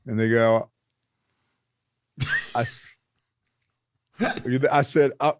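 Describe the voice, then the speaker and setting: A middle-aged comedian in casual podcast chat, telling an anecdote with acted-out quotes and plenty of swearing. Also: male voice, mid-range voice, slow pace. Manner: animated storyteller, acts out quotes, swears freely. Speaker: comedian guest.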